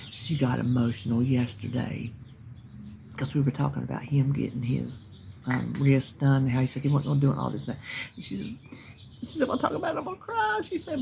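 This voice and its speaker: A rumbling low, gravelly yet warm voice belongs to a middle-aged woman from North Carolina, US, vlogging from her yard. With a Southern accent, she chats casually and folksily to viewers as birds chirp, over slight background noise.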